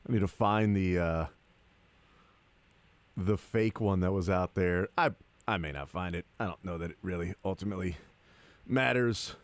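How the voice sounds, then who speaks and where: A man hosting a sports talk radio show, speaking into a studio microphone with a dry, sarcastic, deadpan manner. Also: low voice, normal speed, long pauses, no room sound.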